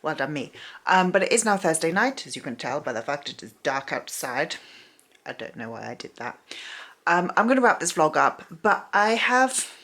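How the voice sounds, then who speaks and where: A woman's voice: low voice, sing-song, moderate pace, a bit bright. A tired young woman in casual vlog chat at home at night, rambling and self-mocking. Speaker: book vlogger.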